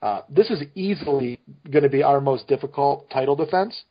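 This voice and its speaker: A man's voice: mid-range voice, lively intonation, moderate pace. A man talking as a guest on a podcast, in loose, joking chat with a lot of swearing. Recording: muffled lo-fi podcast audio.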